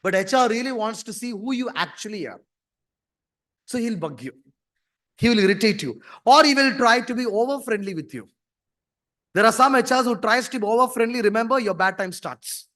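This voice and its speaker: A man's voice: very high-pitched, animated, a little fast, fairly bright tone. A man giving an interactive orientation talk to students, acting out scenes and questioning the audience. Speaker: orientation speaker.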